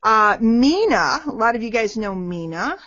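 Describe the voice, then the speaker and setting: A middle-aged woman with a fairly high voice answers marketing questions on a live webinar. She talks in a lively, animated way and acts out short exchanges between people. The sound is dry and a bit dull, like a web call. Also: unhurried, dry recording.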